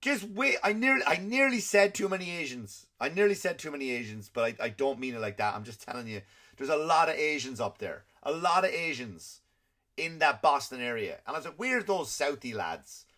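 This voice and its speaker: A man's voice: on the high side, lively intonation, brisk, pushed and bright. A man hosting a comedy podcast, ranting and swearing constantly in an exasperated, comic way. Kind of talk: profane comedic rant.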